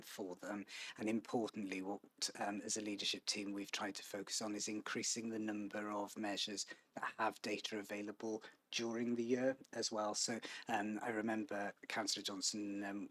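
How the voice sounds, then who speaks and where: Measured, hesitant council director. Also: male voice, fairly low pitch, a bit bright, no echo, rough recording. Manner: measured, hesitant, many ums and restarts. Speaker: council director answering scrutiny questions. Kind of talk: formal committee meeting answer. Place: council committee meeting, hybrid.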